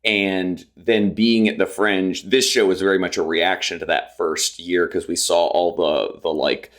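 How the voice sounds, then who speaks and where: A man's voice: sits low, a little slow. A man in his thirties, a comedian guest on a podcast, telling stories in casual chat and laughing often. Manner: animated storyteller, laughs often.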